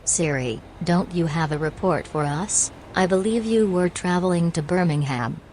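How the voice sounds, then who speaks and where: Low-voiced woman podcast host. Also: normal speed, a little mellow, a little hiss or hum. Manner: dry, businesslike, reads facts plainly.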